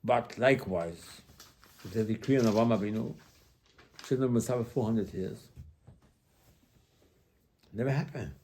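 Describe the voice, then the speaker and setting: Man, rabbi, lively sermon delivery with rhetorical questions and voiced-out quotes. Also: fairly low pitch, measured pace, vocal fry, long pauses, slight background noise.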